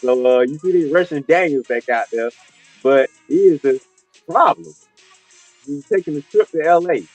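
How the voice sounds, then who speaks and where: A man co-hosting a casual sports talk show over a video call, talking in loose slang and swinging from a low mutter to excited rants. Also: moderate pace, no room sound, faint music behind, low-quality recording. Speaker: co-host.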